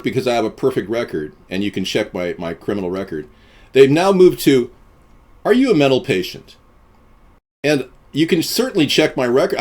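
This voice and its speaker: A man hosting a live stream, chatting with viewers in a deadpan, boastful way and jumping from topic to topic. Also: mid-range voice.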